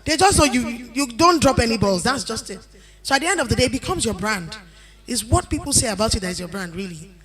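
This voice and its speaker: A woman's voice: fairly high pitch, expressive, fast talker. A woman speaking on a conference panel, giving earnest advice and repeating her key points. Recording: event hall with crowd noise.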